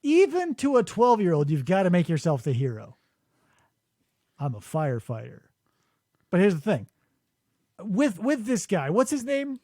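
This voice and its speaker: Podcast host, male, high lively voice, mocking riffs, dry studio sound. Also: normal speed, no room sound. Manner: animated, mocking impressions. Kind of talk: casual comedic chat. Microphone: studio mic.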